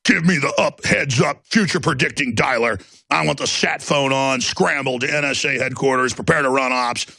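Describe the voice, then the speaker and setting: A man putting on the low growling voice of a sinister, power-hungry elite barking orders. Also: normal speed, gravelly, pushed and bright, dry recording. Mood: menacing.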